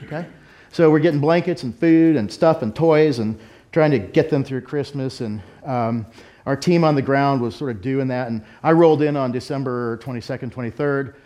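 A man's voice: mid-range voice, moderate pace, dark tone. A middle-aged man preaching a sermon in a candid, self-deprecating, conversational way. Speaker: pastor. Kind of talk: sermon with personal story.

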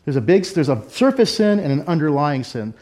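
A man's voice: fairly high pitch, very animated, fairly quick, darkish tone. A middle-aged man preaching a sermon in a candid, self-deprecating, conversational way. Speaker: pastor. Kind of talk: sermon with personal story.

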